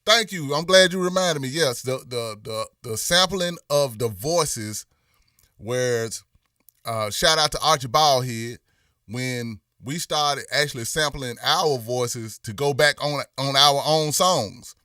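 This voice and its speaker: A man's voice: medium pitch, takes it slowly, dry recording, studio quality, distant mic. A man with a Memphis Southern accent hosting a casual livestream, talking loosely and slangy and answering viewers in the chat. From Memphis, USA. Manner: slangy, animated when greeting viewers. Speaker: livestream host.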